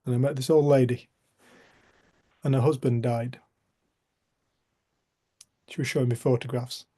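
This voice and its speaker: A man's voice: medium pitch, fairly even intonation, unhurried, mellow. A middle-aged man, leading a group and telling a personal story in an earnest, heartfelt way, often dropping to a near-whisper, heard over a video call. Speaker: group facilitator.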